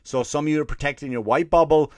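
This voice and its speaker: An Irish comedy podcast host with a fairly high voice talks fast, spinning a profane, ranting story and imitating people in put-on voices. The studio-quality recording is dry.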